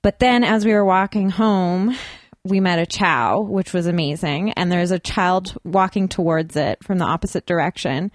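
Playful quipping woman, low dry voice. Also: no echo. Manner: playful, quick quips, tells anecdotes. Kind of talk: casual podcast chat.

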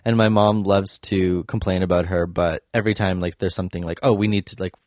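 Man, very low voice, dry close sound, relaxed rambling chat. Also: brisk, no echo. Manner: relaxed, rambling with many fillers. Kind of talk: casual chat.

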